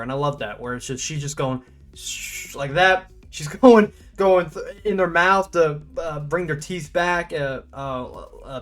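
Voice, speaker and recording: A young man giving a casual spoken movie review, rambling and stop-start with lots of fillers and restarts, breaking into laughs and animated bursts. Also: mid-range voice. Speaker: film reviewer.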